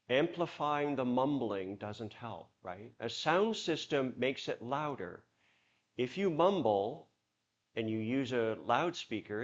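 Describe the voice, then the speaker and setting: A man leading a church workshop, talking to the audience with lively examples. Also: medium pitch, lo-fi sound. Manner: animated, acts out examples in put-on voices. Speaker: workshop leader.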